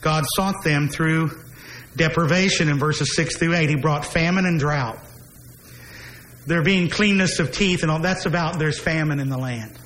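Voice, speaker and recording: A man preaching an expository sermon who slows down and stresses key phrases, dropping his voice low on repeated refrains. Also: fairly bright tone, low-quality recording.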